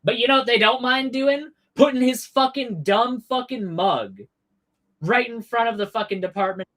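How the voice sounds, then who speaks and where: A man's voice: extremely high pitch, moderate pace. A man hosting a political livestream, ranting sarcastically with heavy swearing and mock outrage. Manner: sarcastic, swearing, animated rants. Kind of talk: profane political commentary.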